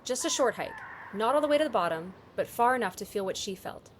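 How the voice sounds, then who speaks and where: A woman's voice: on the high side, expressive, fast talker, natural voice. An actor playing a determined young woman on a road trip, speaking earnestly and resolutely. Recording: background hiss.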